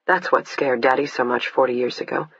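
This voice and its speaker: A man reading the part of a composed woman who cannot feel pain, speaking in a measured, clinical way with a husky voice. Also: medium pitch, steady tone, fairly bright tone. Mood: quiet. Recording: dull lo-fi, dry.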